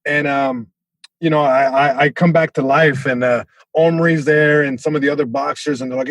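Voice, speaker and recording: A man from Southern California, a comedian guest telling a story on a podcast, animated, with many restarts. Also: a little high, normal speed, no echo, poor audio.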